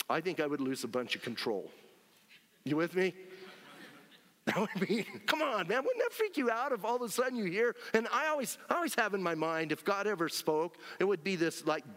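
A man preaching a sermon in an animated, conversational way, often checking in with his listeners. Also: high voice. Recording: long hall reverb.

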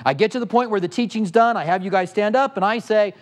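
A man's voice: high-pitched, fast talker. A middle-aged male pastor teaching a sermon with passion, firing off rhetorical questions at the congregation.

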